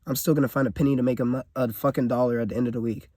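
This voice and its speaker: A man's voice: mid-range voice, steady tone, very fast, warm tone, no echo. Young guy in his car venting hard, swearing a lot, dry close sound. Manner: blunt, profane, emotional venting. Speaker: vlogger. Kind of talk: personal vlog rant.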